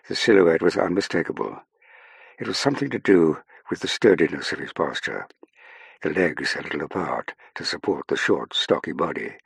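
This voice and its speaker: A man narrating an audiobook in a measured, even way. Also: deep voice, creaky, breathy edge, no echo. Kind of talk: scripted narration.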